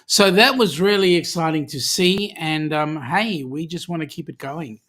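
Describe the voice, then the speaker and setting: A host with an Australian accent chats through a casual livestream at a mid pitch, joking with viewers and filling pauses with ums. The talk is loose and friendly, full of small restarts. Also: a bit bright. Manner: chatty and jokey, many ums and restarts. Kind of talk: casual livestream chat, reading viewer comments.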